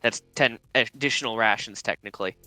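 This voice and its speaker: A man's voice: medium pitch, a little fast, bright, forceful tone, no room sound, low-quality recording. A man playing in a tabletop game who offers help to the others, with a slight stammer when he starts. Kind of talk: casual game chat.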